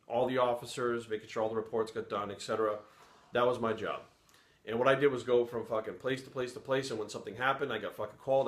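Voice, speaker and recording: A man's voice: mid-range voice, a bit bright. A middle-aged man from Rhode Island, a former police sergeant, telling a story in a blunt, heavily profane, casual way. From Providence, Rhode Island. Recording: roomy echo.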